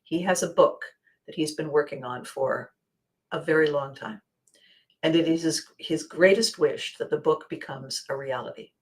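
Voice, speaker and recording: A woman hosting a show, talking casually in an expressive, emphatic way with wide swings in loudness. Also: sits low, moderate pace. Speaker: host. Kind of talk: casual monologue.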